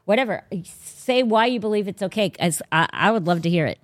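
A woman's voice: mid-range voice, lively intonation, brisk, no room sound. Blunt, emphatic woman podcast host. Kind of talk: casual faith talk.

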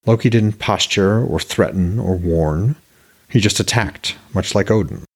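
A man narrating his own fantasy novel as an audiobook, in a measured, descriptive storytelling voice. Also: deep voice, husky.

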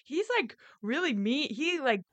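A woman co-hosting a casual film discussion podcast, chatty and quick to laugh, with lots of "like". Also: high voice, expressive, fairly bright tone, dry recording. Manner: chatty, laughing, uses "like" a lot. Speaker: podcast co-host.

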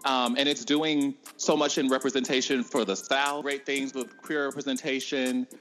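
A man's voice: mid-range voice, fairly even intonation, normal speed, fairly bright tone, faint music behind. Enthusiastic man chatting casually.

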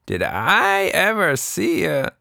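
A cranky older woman snaps in a high, strained voice, as a male storyteller puts her on. Her words come slow and drawn out. It is a storybook reading in a dry room. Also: wildly swooping pitch, vocal fry, pushed and bright, dry recording, exaggerated voice. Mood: puzzled. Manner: high, strained, shrill in anger. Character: older woman, cranky, hooked on a phone game.

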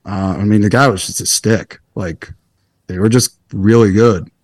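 A young man with a low voice talks as a guest in a casual interview. He rambles easily and pokes fun at himself. The recording is close and dry, with no room echo. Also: normal speed. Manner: relaxed, rambling, self-deprecating. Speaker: guest golfer.

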